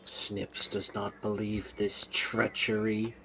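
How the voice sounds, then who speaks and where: A creepy lurker, played by a man, hisses slow, low threats and names himself in the third person. His voice sits deep, with a faint hiss behind it. The delivery is deliberately menacing. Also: steady tone, a bit bright. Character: creepy sneaky creature lurking in the dark.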